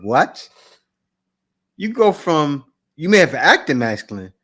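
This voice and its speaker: A man's voice: fairly high pitch, big pitch swings, measured pace, pushed and bright, slight background noise. A man hosting a reaction video, giving blunt, dismissive casual commentary on clips he plays.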